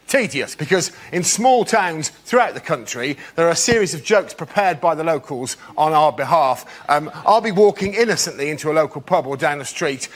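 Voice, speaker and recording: A man's voice: on the high side, fairly bright tone. A man doing a mock-outraged stand-up routine on a comedy panel show. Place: TV studio.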